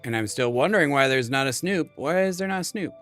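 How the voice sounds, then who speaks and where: A man's voice: medium pitch, animated, fast talker, fairly bright tone, soft background music. A man in his thirties chatting casually with viewers while streaming a game, rambling and friendly. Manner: chatty, rambling, talks to chat. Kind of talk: casual live-stream chat.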